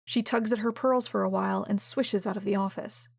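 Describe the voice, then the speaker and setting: A woman reading a first-person romance audiobook in a steady, even way. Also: mid-range voice, a little fast, gravelly, breathy edge, no room sound, studio quality. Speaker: audiobook narrator.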